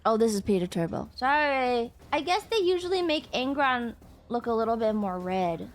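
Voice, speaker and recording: A young woman streamer with a high-pitched voice, chatting casually and swearing often. She keeps snapping back at her chat in exasperated bursts, then settles down again. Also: expressive, moderate pace, soft background music. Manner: profane, exasperated outbursts at chat.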